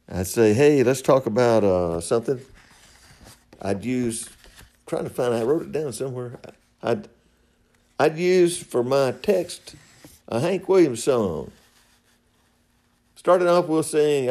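A man's voice: medium pitch, lively intonation, a little slow, pauses often, a little mellow. A middle-aged man, hosting a podcast in a rambling, folksy monologue and laughing at his own stories. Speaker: podcast host.

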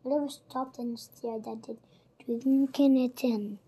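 A child narrating a storybook aloud, reading slowly and carefully. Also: medium pitch, fairly even intonation, mellow, breathy edge.

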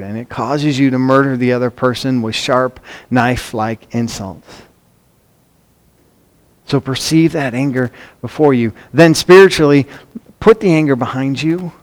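A man preaching a sermon, emphatic and earnest, often repeating words as he drives points home. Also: mid-range voice. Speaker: pastor.

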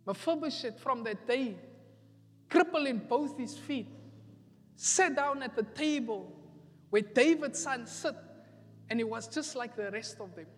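A man's voice: very high-pitched, animated, a little slow, pauses often. Male pastor, emphatic repetitive sermon delivery, reverberant church hall. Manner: emphatic preaching, repeating phrases for effect. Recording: echoey hall with faint music.

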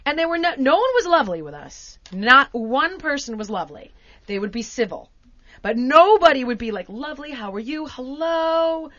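American woman host, high and bright, very expressive storyteller; dry, slightly muffled recording. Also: fairly quick, no room sound. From United States. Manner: animated, acts out quotes with big pitch swings. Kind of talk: casual storytelling chat.

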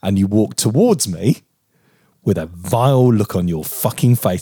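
A man in his forties co-hosting a podcast, telling a story in animated, mock-outraged casual chat and swearing freely. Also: lowish voice, a little slow, breathy edge, dry recording, clean studio sound. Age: 40s. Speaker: podcast co-host.

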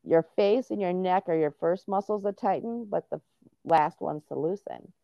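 A middle-aged woman talks earnestly, explaining step by step with many restarts. Her voice sits low, and the recording is muffled and lo-fi. The sound is dry, with no room echo. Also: moderate pace, creaky. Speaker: guest, autism and veterans advocate. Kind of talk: casual interview talk.

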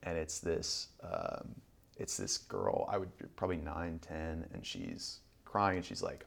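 A man in his thirties telling stories in a relaxed interview, rambling, with frequent ums and restarts. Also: rumbling low, unhurried, vocal fry. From Southern Illinois. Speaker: guest. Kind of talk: conversational podcast interview.

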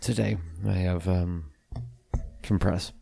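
A man making wisecracks and deadpan asides in a casual chat among friends. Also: deep voice, slow pace, gravelly, breathy edge.

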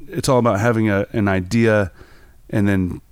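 A man's voice: fairly low pitch, fairly even intonation, moderate pace, clean tone, no room sound. A man, a photographer guest, telling rambling anecdotes in casual conversation with many fillers. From New York. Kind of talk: casual storytelling interview.

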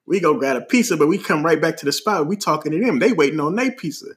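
A man from Oakland with a Bay Area accent, telling a story on a podcast in an animated, slangy way, laughing often as he talks. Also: on the high side, quick pace. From Oakland, California. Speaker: podcast host. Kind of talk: casual storytelling.

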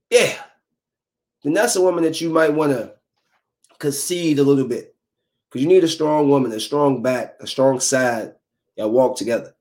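A young adult man in a casual, preachy rant of dating advice, slangy and animated, slipping into quick mock voices. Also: fairly high pitch. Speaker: vlogger giving dating advice.

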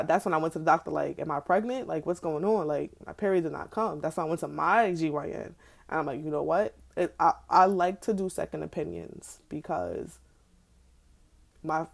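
A young woman with a low-pitched voice and vocal fry rants candidly in a casual vlog about her own experiences. She swears a lot, sounding exasperated, and drops slangy asides along the way.

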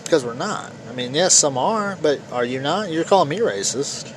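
A man's voice: fairly high pitch, lively intonation, normal speed, slight background noise, rough recording. A man ranting through a solo podcast monologue, repetitive and swearing freely, his voice slightly worn. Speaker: podcast host.

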